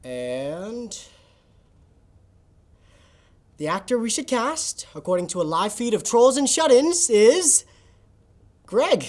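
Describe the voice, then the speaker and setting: A woman's voice: on the high side, sing-song, unhurried, darkish tone. A woman playing a nonchalant, scheming young male assistant who talks offhandedly over a video call in a comedy sketch. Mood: offhand.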